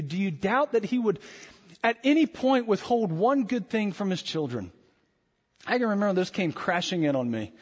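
A man with a high voice preaches in a church sanctuary, pressing his listeners with rhetorical questions. He swings between forceful lines and hushed, intimate ones. His voice trails off into the long reverb of a large hall. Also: husky. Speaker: pastor. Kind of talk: sermon.

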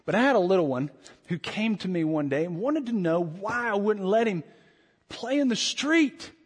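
A man with a high voice preaches in a church sanctuary, pressing his listeners with rhetorical questions. He swings between forceful lines and hushed, intimate ones. His voice trails off into the long reverb of a large hall. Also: fairly quick, breathy edge. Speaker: pastor. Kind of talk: sermon.

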